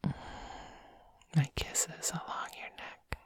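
A woman in an intimate whispered role-play, speaking in a teasing, commanding way close to the ear. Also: slow. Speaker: audio role-play performer.

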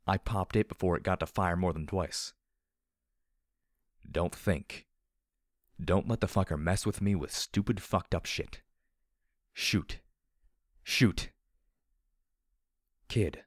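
A man with a very deep, low voice reads first-person fiction aloud. His delivery is measured, in an audiobook style. The recording is dry and close, with no room echo. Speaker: audiobook narrator.

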